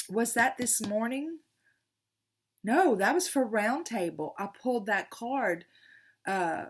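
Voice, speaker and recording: Chatty older woman. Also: mid-range voice. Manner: rambling, chatty, affectionate, with frequent restarts. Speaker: tarot reader. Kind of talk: casual chat to viewers.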